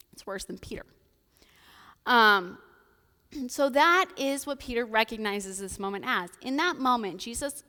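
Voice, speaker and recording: Speaking with an American Midwestern accent, a woman preacher with a fairly high, pushed, bright voice gives a casual, chatty sermon from the pulpit of a church sanctuary. She drops playful asides, and the recording carries the reverb of the church hall.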